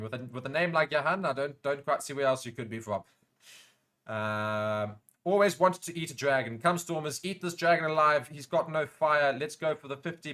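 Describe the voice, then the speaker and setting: A South African man hosting a live rugby watchalong, chatting casually with viewers and breaking into excited play-by-play during big moments. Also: fairly high pitch. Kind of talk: casual live commentary while reading chat comments.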